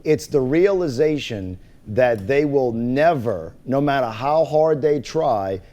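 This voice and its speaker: A man's voice: mid-range voice, animated, slow, warm tone. A man hosting a podcast in casual banter, arguing his point insistently and repeating himself. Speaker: podcast host.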